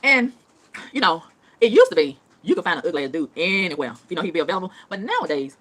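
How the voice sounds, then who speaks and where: A woman rattling off a profane rant at top speed, repeating lines for emphasis. Her pitch swoops up and down with lively energy. It is an unscripted, casual vlog delivery. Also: fast talker. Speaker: vlogger.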